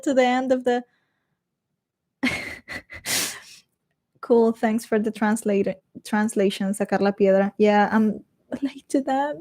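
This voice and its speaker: Slow-talking chatty woman. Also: fairly high pitch, warm tone. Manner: chatty, laughs often, reads comments aloud. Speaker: streamer reading live chat. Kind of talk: casual live-stream chat.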